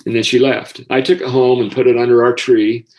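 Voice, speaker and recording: Older American man, guest storyteller, sincere and emotional, mid-pitched voice. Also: little pitch movement, brisk, low-quality recording. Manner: heartfelt, gets emotional easily. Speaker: guest, former school counselor. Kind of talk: personal storytelling.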